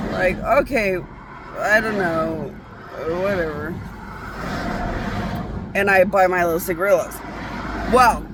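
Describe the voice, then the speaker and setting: A woman's voice: mid-range voice, background noise. A woman vlogging a casual, rambling monologue, profane and often breaking off to restart her sentences.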